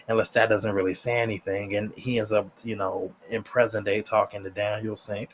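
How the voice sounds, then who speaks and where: A man's voice: lowish voice, little pitch movement, a little fast, hardly any pauses, slight background noise. A man giving a casual, rambling episode recap, full of fillers and restarts. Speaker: TV show reviewer.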